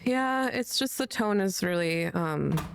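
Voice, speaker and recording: A woman guest on an interview show, answering softly and haltingly with many fillers. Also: medium pitch, animated, gravelly, clear, resonant tone. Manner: halting, soft, full of fillers.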